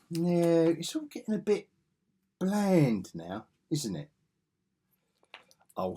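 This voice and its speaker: Warm in tone and slightly rough, this mid-range male voice belongs to a comic collector vlogger. He thinks aloud in a rambling, easygoing way as he pages through old comic magazines.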